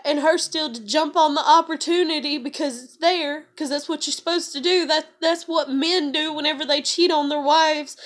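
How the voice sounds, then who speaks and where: Tearful young woman, very high voice. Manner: tearful, venting, swearing. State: crying. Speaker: mother vlogging. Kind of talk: emotional vlog rant. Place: at home, alone.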